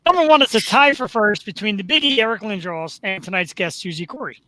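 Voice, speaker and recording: A man's voice: sits high, fast talker, bright, forceful tone, no echo. A man hosting a live talk show, joking at his own expense and announcing in a showman's way. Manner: joking, self-deprecating, announcer-like.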